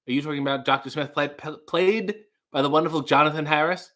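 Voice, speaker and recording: A man hosting a comedy livestream who reads viewer comments and rambles off into quick, excitable asides. His voice is bright and sharp. It sits slightly higher than most men's.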